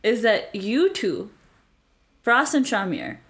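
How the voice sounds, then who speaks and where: A woman's voice: a little high, sing-song, slow, fairly bright tone. A young woman co-hosting a podcast, telling a story in a playful, teasing way. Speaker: podcast co-host. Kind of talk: casual podcast chat.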